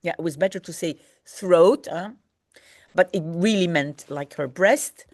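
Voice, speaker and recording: A woman's voice: fairly low pitch, a little slow, darkish tone, no room sound, clean studio sound. A woman teaching a book-club lesson, reading a novel and translating it phrase by phrase, explaining words and correcting herself.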